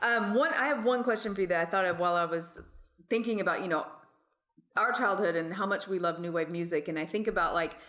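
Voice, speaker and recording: Brief: American woman, podcast co-host, lower voice, chatty, echoey room. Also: fairly bright tone. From United States. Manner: chatty, quick to laugh. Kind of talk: casual chat.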